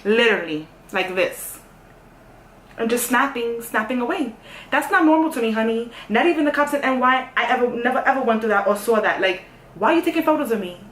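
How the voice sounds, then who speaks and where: A young woman tells a story in a sassy, animated way, swinging from hushed to loud. Her voice sits a little high. She sounds a bit far from the mic, in an echoey room. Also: brisk, a little hiss or hum. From New York. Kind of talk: casual storytime.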